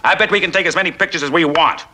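An actor playing a greedy, suspicious ex-con husband who talks in a gruff, scornful way, in an old TV drama. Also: male voice, on the high side, rapid-fire, sharp tone. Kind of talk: 1960s TV drama acting.

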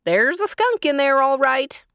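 A woman's voice: high-pitched, sing-song, measured pace, fairly bright tone, dry recording, clean studio sound, voice pushed up, full character voice. Woman doing a blunt folksy farm wife.

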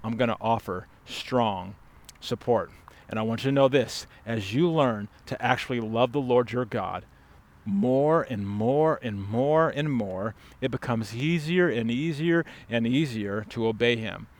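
A man preaching a sermon as pastor, emphatic and urgent, dropping to hushed stress on key words. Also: medium pitch, measured pace. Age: adult father.

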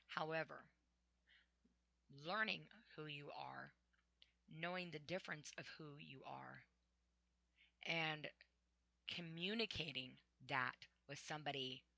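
A woman's voice: sits low, vocal fry, sharp tone, dry recording. A middle-aged woman talking about her life in a casual personal monologue, chatty and full of ums and laughs. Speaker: vlogger.

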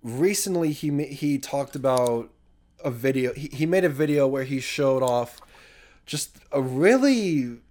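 A man's voice: mid-range voice, expressive, unhurried, a little mellow. A man co-hosting a casual chat show, rambling through a story with many restarts.

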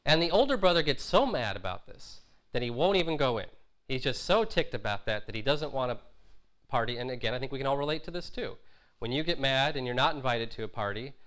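A man gives a sermon in an informal, talky manner, with a voice of ordinary middle pitch. He stumbles over fillers and restarts now and then, and he slips into little voices for the people he quotes. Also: expressive, quick pace, a bit bright. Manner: conversational, with frequent fillers and restarts, acting out quotes. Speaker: preacher.

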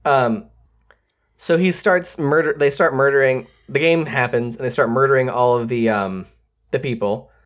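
A man co-hosting a podcast in casual chat, relaxed, recapping a movie plot with wry asides. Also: mid-range voice, moderate pace. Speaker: podcast co-host.

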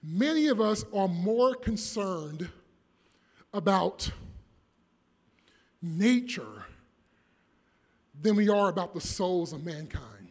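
A man preaching a sermon, reading scripture deliberately and building to emphatic, forceful points. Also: high-pitched. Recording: long reverb of a large hall.

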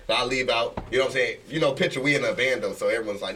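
A man's voice: mid-range voice, racing, few pauses. Young guy telling a story, laughs a lot, mic kinda far. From Chicago. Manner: laughing, animated storytelling with acted quotes. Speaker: guest. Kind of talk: casual storytelling. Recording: distant mic with faint noise.

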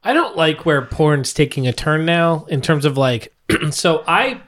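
A man's voice: fairly high pitch, big pitch swings, measured pace, fairly bright tone. A young man in casual chat who talks wryly and hedges with a lot of fillers.

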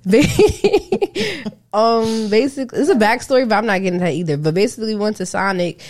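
A woman's voice: mid-range voice, expressive, normal speed, darkish tone. A young woman co-hosting a casual chat, blunt and profane, laughing as she tells stories.

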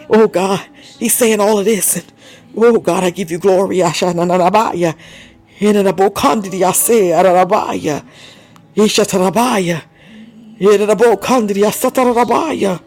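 A man's voice: sits high, unhurried, faint music behind. A man preaching an emotional sermon, exhorting his listeners, laughing often and breaking into tongues between lines. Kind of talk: fiery sermon.

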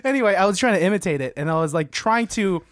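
A man's voice: high voice, expressive, fast talker. A young man in casual podcast chat, laughing often and trying silly voices. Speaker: podcast co-host.

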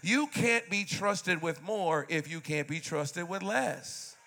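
A pastor in his fifties delivers a sermon in a high, bright voice. He swings between loud, animated bursts and quiet, confiding asides to his listeners. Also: slow, gravelly. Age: 50s.

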